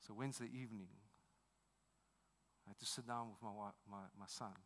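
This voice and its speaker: A man in his thirties with a South African accent preaching a sermon, telling a personal story earnestly and swinging from hushed to loud. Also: on the low side, steady tone, a little fast. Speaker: pastor.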